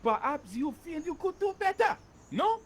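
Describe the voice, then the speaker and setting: A man's voice: extremely high pitch, big pitch swings, moderate pace, slight background noise. An actor playing a haughty male street juggler with a French accent, mocking and condescending.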